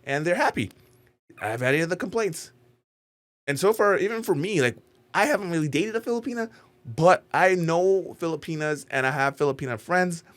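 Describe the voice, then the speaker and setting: Brief: male YouTuber, slightly high voice, rambling and animated casual vlog talk. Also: a little fast. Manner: rambling, animated, heavy use of "like".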